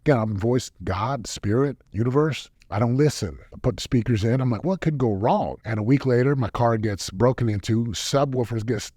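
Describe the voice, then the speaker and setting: A man in his thirties hosts a podcast and tells his personal stories in a lively way, acting out each line of dialogue. His voice sits at a middle pitch and is recorded very dry, with no room sound at all. It comes across as a motivational talk. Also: normal speed, few pauses, dry recording. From United States. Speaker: podcast host. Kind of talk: motivational storytelling monologue.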